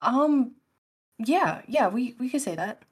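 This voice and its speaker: A woman playing in a tabletop game, chatting in a relaxed, agreeable way. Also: fairly high pitch, slow, slightly rough. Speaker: player. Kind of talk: casual tabletop game chat.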